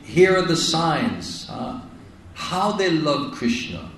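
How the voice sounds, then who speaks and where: Male spiritual teacher, a bit high-pitched, emphatic and repetitive, recorded in a roomy hall. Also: expressive, takes it slowly, a bit bright, slight background noise. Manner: emphatic, repeats phrases, asks "isn't it?". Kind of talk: devotional lecture. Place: lecture hall in India. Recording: echoey hall, heard from a distance.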